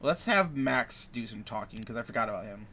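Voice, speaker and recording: A man's voice: medium pitch, lively intonation, a little fast, pushed and bright, a little hiss or hum. A man giving casual commentary as he plays a game, rambling and correcting himself as he goes. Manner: rambling, self-correcting asides. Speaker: let's player.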